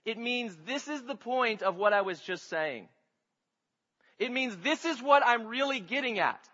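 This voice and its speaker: A man's voice: extremely high pitch, expressive, measured pace, pushed and bright, big-room sound, highs cut off. A man pastor preaching a sermon, teaching his congregation with rhetorical questions.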